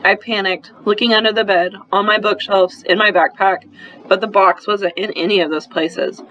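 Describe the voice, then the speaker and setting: A man narrating a first-person children's story in an expressive, brisk storytelling manner, on a slightly muffled recording. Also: high-pitched, slight background noise. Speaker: audiobook narrator.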